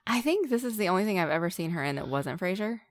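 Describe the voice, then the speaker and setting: Brief: woman co-host, lowish voice, deadpan reactions, dry close recording. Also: fast, dry recording. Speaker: podcast co-host. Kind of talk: casual chat about films.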